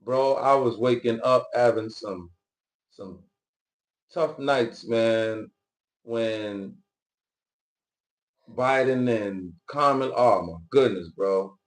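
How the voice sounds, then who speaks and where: A man's voice: medium pitch, slow pace, long pauses. A man hosting political commentary, reacting to news clips in loose, slangy casual talk.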